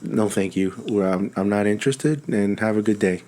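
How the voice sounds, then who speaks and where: Podcast guest, young man, somewhat low voice, halting casual delivery. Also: warm tone. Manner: hesitant, repeats words, low-key. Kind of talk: casual chat.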